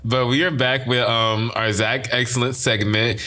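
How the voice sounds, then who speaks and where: A man's voice: mid-range voice, flat delivery, moderate pace, hardly any pauses, pushed and bright. A young man hosts his own podcast, rambling through a casual solo monologue. His mid-range voice carries a playful, preachy, jokey energy, like a motivational rant that never takes itself too seriously. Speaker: podcast host.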